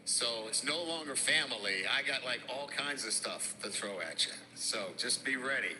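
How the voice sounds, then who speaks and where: A middle-aged man with a mixed Boston and Midwestern accent, speaking as a head football coach at a press conference. His voice is very bright and forward. He works through each answer haltingly, full of fillers and restarts. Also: medium pitch, lively intonation, a little hiss or hum, poor audio. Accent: Boston and Midwestern with some Louisiana.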